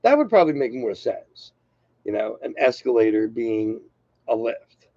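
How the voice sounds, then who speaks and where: A man's voice: mid-range voice, big pitch swings, moderate pace, dark tone, no room sound. An older man hosting his own channel, talking in a loose, rambling, self-deprecating monologue. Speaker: channel host. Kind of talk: casual unscripted monologue. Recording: dull lo-fi sound.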